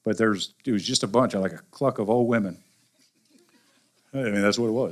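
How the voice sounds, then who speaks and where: A pastor with a Southern US accent preaching a sermon in a folksy, animated way with colloquial asides. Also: male voice, lowish voice, a little fast. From American South.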